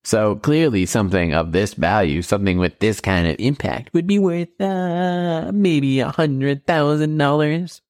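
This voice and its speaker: A man in an improvised comedy sketch, pompously pitching a worthless item as a treasure. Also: animated, measured pace, few pauses, darkish tone, no echo, clean studio sound. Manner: pompous, theatrical. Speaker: improv player as seller.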